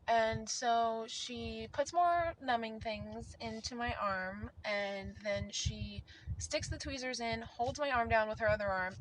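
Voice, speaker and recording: A woman's voice: on the high side, fairly bright tone. A young woman telling a story in parts to her phone camera, emphatic and swearing freely. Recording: noisy phone recording.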